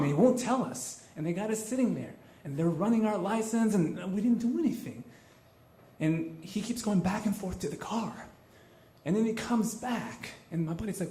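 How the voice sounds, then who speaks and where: A man with a fairly high voice tells a personal story on a live stage, earnest and conversational, circling back on his words as he goes. The sound is roomy, with the echo of a venue and a faint ambient hum behind him. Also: expressive, a little fast, a little mellow. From Los Angeles. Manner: earnest and conversational, with frequent repeated starts.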